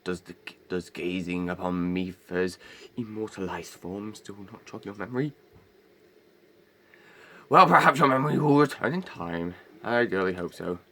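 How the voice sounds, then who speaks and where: A man voicing a huge, regal old male fish king who is warm-hearted, in formal, old-fashioned speech, as an amateur game voice-over. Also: sits low, normal speed, pitched below the performer's own voice. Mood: dismayed.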